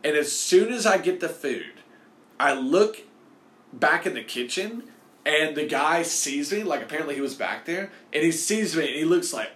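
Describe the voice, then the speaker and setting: A man telling a casual, rambling personal anecdote in an animated way, full of "like" and "you know". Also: fairly high pitch, normal speed.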